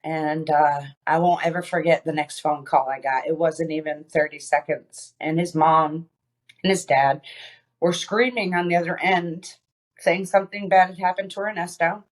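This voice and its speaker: A woman being interviewed on a podcast, telling a personal story with many pauses, fillers and restarts. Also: low-pitched, fairly even intonation. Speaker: podcast guest.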